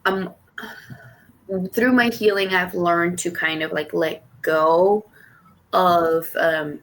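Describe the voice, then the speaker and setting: A woman's voice: lowish voice, takes it slowly, fairly bright tone. A young woman telling a personal story on a podcast, rambling with many fillers and restarts and casual swearing. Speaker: podcast co-host.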